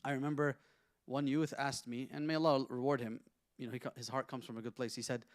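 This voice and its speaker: A sheikh teaching an interactive Quran lesson in a conversational way, asking his listeners questions and reciting Arabic verses quickly. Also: mid-range voice, level tone, no echo, clean studio sound.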